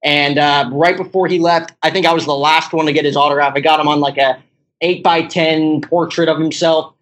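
A man's voice: on the high side, fairly even intonation, a little fast, fairly bright tone, low-quality recording. A young man, a podcast guest telling a story in casual chat, rambling and laughing, with "like" in every other phrase.

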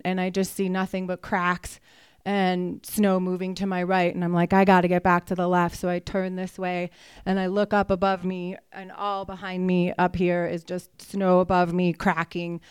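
A woman and mountain guide telling a personal story, animated and vivid, acting out her own thoughts. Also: fairly low pitch, moderate pace, clean tone, no room sound, studio quality.

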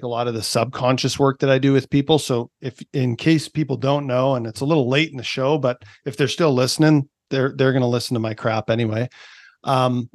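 A man's voice: medium pitch, dry recording. Canadian-raised man in his thirties, performance coach, casual explainer with lots of filler, dry close mic. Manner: chatty, explanatory, lots of "like" and "right?". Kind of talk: casual podcast interview.

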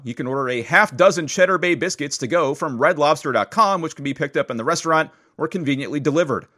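A man's voice: medium pitch, a bit bright. Guy doing a casual news podcast, dry sarcastic comments between stories. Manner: wry, sarcastic asides on odd news stories. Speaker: podcast host.

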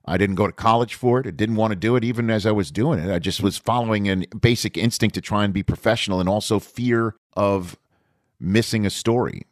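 Deep-voiced man hosting a podcast. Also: a little fast, dry recording, clean studio sound. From Staten Island, New York. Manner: relaxed, rambling, with small restarts. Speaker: podcast host. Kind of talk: conversational podcast storytelling.

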